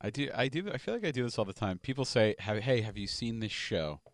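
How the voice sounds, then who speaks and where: A man's voice: on the low side, animated, fast talker, dry recording. A man chatting on a talk show, laughing and mimicking others as he tells his story. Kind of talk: casual talk show banter.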